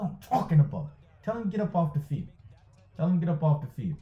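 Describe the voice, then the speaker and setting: A man giving excited play-by-play commentary over a football video game he is playing, hyping and groaning at each play and repeating his phrases. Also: on the high side, fast talker. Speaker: gaming YouTuber. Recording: tinny phone-like sound in an echoey room.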